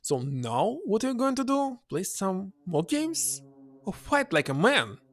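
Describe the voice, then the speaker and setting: A man voicing a brash, scrappy young woman thief as he reads a text game aloud, loud and mocking. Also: high voice, very animated, drawn-out words, voice pushed up, full character voice. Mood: brash taunting.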